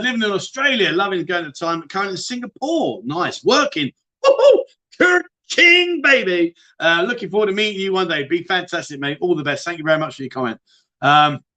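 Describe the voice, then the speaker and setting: Chatty high-voiced British man, livestream host. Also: fairly bright tone. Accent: British English. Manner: chatty, matey, addresses viewers as mate. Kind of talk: casual livestream chat reading viewer questions.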